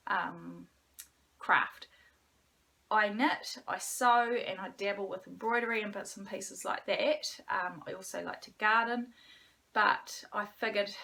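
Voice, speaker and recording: Chatty New Zealand woman, bright voice. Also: medium pitch. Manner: chatty and rambling, many ums, drops to a hushed near-whisper at times. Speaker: podcast host. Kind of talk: casual solo podcast chat. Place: home.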